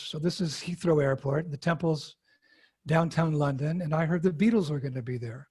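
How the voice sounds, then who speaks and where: A man, a monk being interviewed, telling a personal story with animated acted-out quotes. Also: a little high, moderate pace, slightly rough.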